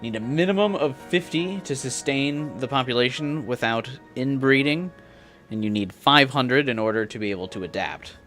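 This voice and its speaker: Animated man, lively game commentary. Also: medium pitch, moderate pace, soft background music. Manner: casual and joking, muses aloud over the game's story. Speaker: game streamer. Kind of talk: let's play commentary.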